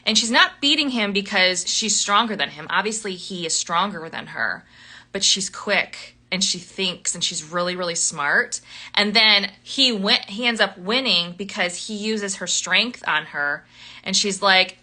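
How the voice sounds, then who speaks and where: Bright-voiced chatty woman hosting a book club. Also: medium pitch, unhurried. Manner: chatty and animated, laughs often, lots of ums. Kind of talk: casual book chat on a livestream.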